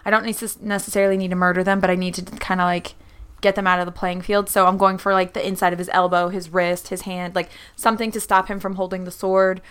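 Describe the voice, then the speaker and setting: A woman's voice: lowish voice, flat delivery, fast, a bit bright, smooth. A woman player in a tabletop role-playing game, chatting casually and thinking aloud about rules and moves.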